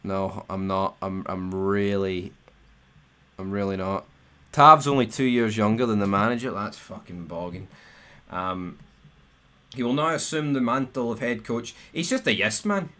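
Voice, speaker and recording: A young Scottish football fan rants angrily on his live stream, swearing and stumbling over restarts, his voice spiking sharply whenever he gets wound up. He speaks in a lowish, unhurried voice with a bright, forceful tone.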